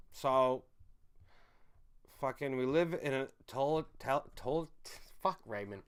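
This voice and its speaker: A man in his thirties from the United States, hosting a casual livestream, ranting angrily and swearing, swinging from loud outbursts to low muttering. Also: lively intonation, takes it slowly, long pauses, smooth. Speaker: livestream host.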